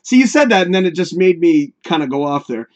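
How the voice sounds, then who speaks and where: A man's voice: a little high, big pitch swings, brisk, dull audio. A man hosting a live talk show in casual, rambling chat, swearing freely and talking straight to his viewers.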